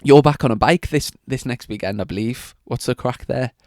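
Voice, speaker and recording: A young man, chatting on a podcast in a steady, matter-of-fact way. His voice sits at a middling pitch. The recording is close and dry. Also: moderate pace, no room sound. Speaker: podcast co-host. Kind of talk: casual chat.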